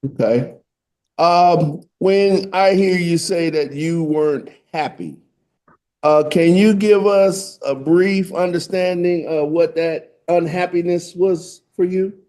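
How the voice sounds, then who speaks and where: A man on a parole board asking questions in a measured, polite way. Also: high-pitched, darkish tone. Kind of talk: hearing questions.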